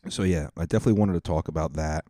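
A man's voice: rumbling low, racing, dark tone, no room sound, studio quality. A man in his thirties hosting a podcast, telling crude, rambling, comedic stories in a mocking tone. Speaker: podcast host. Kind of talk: casual comedic storytelling.

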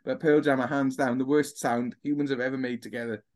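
Fast-talking Welshman telling stories. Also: mid-range voice. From Wales. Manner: animated storyteller, puts on voices for jokes. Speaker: guest. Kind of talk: casual podcast chat.

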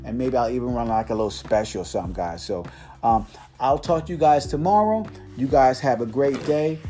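A man's voice: mid-range voice, a little fast, dark tone, soft background music. A man hosting a motivational podcast, talking in an earnest coaching tone and checking in with "right?" and "guys" as he goes.

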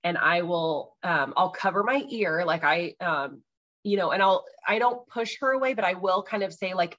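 Chatty mom podcaster, lo-fi sound. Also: female voice, on the low side, moderate pace, a bit bright. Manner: chatty, many ums and likes, laughs easily. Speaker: podcast host. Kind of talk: casual parenting talk.

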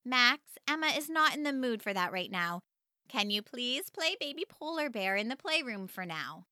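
A woman voicing a soft, patient storybook mom. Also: a little high, normal speed, smooth, no room sound, studio quality. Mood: calm. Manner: soft, calm and reassuring. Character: gentle patient mother, middle-aged woman.

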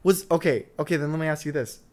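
A young man co-hosting a podcast with friends in his bedroom, chatting casually on a handheld mic and jumping in with quick laughs. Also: a little high. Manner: jumpy, animated, quick to laugh. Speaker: podcast co-host. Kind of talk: casual chat among friends. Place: his own warm bedroom. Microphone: handheld mic held close.

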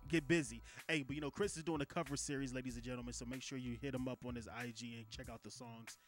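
A man's voice: medium pitch, quick pace, soft background music. Laid-back man telling stories on a podcast. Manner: laid-back, animated storytelling with frequent "you know what I'm saying". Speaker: podcast co-host. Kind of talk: casual podcast banter and storytelling.

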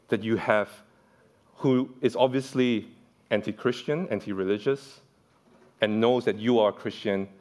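A man's voice: mid-range voice, a little mellow. A man preaching a sermon in a church, telling funny anecdotes and acting out the voices of the people in them. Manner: storytelling, playful, acts out quoted voices.

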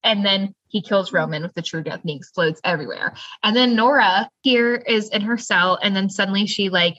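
A woman co-hosts a casual podcast and recaps the plot in a bright, tense voice. She tells the story with quick laughs. The sound is dry and lo-fi. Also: mid-range voice, no echo. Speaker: podcast co-host.

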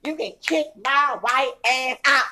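A woman voicing a rebellious young woman who loudly defies her parents, brash and swearing. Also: sits high, measured pace, voice pushed up, heavily acted. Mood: defiant. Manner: loud, brash and defiant, swearing.

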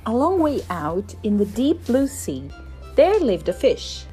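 Woman narrator, expressive read-aloud, warm mellow voice, faint music bed. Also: fairly high pitch, unhurried. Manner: expressive, lively storytelling. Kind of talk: children's story read-aloud.

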